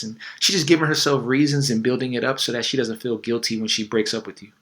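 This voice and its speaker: A man's voice: medium pitch, fairly even intonation, quick pace, few pauses, fairly bright tone. A man coaching on dating in a casual, conversational way, full of fillers and little acted quotes. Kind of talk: casual advice talk.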